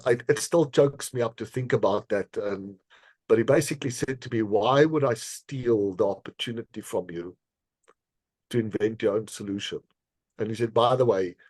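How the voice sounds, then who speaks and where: A man being interviewed on a podcast, telling a personal story in an earnest, measured way, with frequent fillers and small laughs. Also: on the low side, darkish tone, no echo. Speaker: podcast guest, decision scientist.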